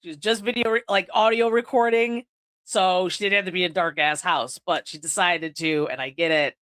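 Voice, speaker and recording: A woman's voice: on the low side, steady tone, a little fast, fairly bright tone. Casual, foul-mouthed woman podcast host. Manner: casual, swears freely, leans on "like". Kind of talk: casual horror movie review. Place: indoors, recording on video.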